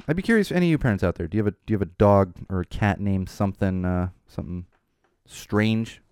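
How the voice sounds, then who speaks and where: Animated chatty man, lively pitch. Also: fast, clear, resonant tone, no room sound, clean studio sound. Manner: rambling, self-interrupting, laughing; animated, mimics his daughter in a high voice. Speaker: podcast host. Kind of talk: casual chat.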